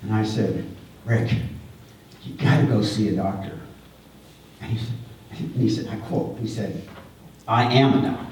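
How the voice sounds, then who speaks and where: A middle-aged man delivering a heartfelt eulogy at a memorial service, halting and repeating words as he speaks with feeling. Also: fairly low pitch, warm tone, a little hiss or hum. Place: large hall at a memorial service. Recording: echoey hall, voice far from the mic.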